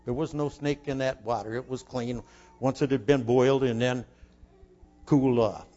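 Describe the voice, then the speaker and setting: A man's voice: medium pitch, fairly even intonation, normal speed. Older man telling a folksy story. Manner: asks listeners questions, drops to a hush for inner thoughts. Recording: dull lo-fi recording.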